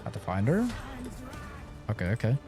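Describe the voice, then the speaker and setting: A man's voice: fairly low pitch, wildly swooping pitch, normal speed, over music. A man streaming a game, chatting casually and swearing as he plays and rants. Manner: swears freely, rants animatedly. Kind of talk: casual gameplay commentary.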